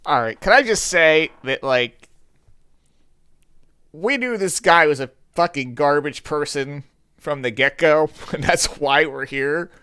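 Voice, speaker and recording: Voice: medium pitch, unhurried, pushed and bright, smooth. Profane rambling live streamer. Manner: rambling, profane, stammering asides. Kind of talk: live game commentary.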